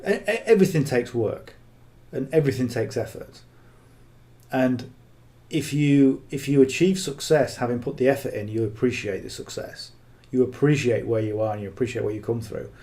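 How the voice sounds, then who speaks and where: A man's voice: mid-range voice, normal speed, dark tone. A man coaching on marketing in casual, unscripted talk, blunt and earnest, who keeps checking in with "okay?".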